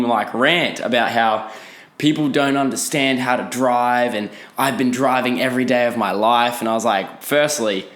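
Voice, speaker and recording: A man's voice: medium pitch, a bit bright. A young Australian man hosting a podcast, telling a rambling, profane story with many restarts. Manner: rambling, swears freely, frequent restarts. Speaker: podcast host. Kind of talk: casual storytelling monologue. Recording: echoey room.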